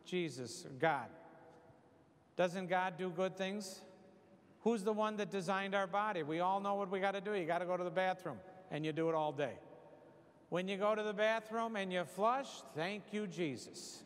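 A man's voice: sits high, normal speed. A man in his sixties, a priest giving a folksy, joking homily. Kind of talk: humorous homily. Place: church hall. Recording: long hall reverb.

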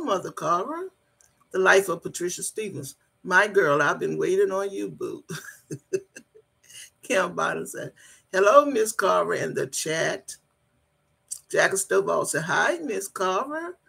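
A woman's voice: lowish voice, gravelly, a bit bright, slightly rough. An older woman hosting a casual livestream, greeting viewers and scolding critics in a blunt, feisty way. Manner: greets chat viewers by name. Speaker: livestream host.

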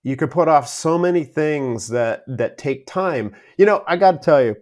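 A man's voice: on the high side, lively intonation, normal speed. A man who is an entrepreneur guest on an interview podcast, telling stories casually and chuckling often.

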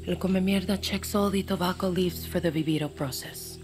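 A woman's voice: lowish voice, a little fast, close to an everyday voice. A woman voicing a blunt, cursing guerrilla fighter. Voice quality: tough, blunt, profane. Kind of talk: video game dialogue. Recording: game audio under loud music.

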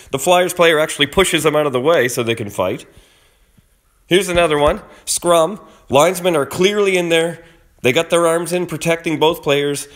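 Guy doing a hockey clip breakdown, kinda high voice, argues his point hard. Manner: emphatic, argumentative, acts out quotes. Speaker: hockey commentator. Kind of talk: video breakdown commentary.

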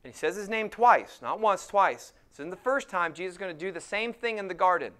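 Smooth-voiced man preaching a sermon. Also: high voice, animated, pushed and bright. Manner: preaching with emphatic, slowed scripture quotes. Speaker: pastor.

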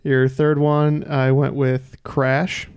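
A man hosting a podcast quiz, reading trivia questions in a measured way with dry asides. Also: mid-range voice, flat delivery, darkish tone, smooth. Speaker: quiz host.

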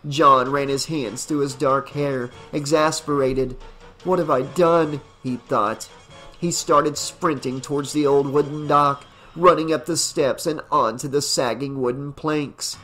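A man narrating a fan novelization as an audiobook in a dramatic, deliberate reading. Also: mid-range voice, steady tone, sharp tone, soft background music. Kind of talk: scripted narration.

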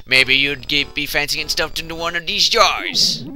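A man's voice: on the high side, fairly quick, pushed and bright, soft background music, pitched above the performer's own voice. Man putting on a taunting jar-collector ghost. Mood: sore loser. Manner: vague put-on British-style accent, taunting. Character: boastful male jar-collecting ghost, mocking.

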